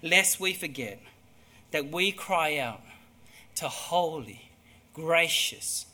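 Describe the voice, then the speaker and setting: A man preaching a sermon, emphatic, moving between hushed and loud delivery. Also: fairly high pitch, animated, takes it slowly.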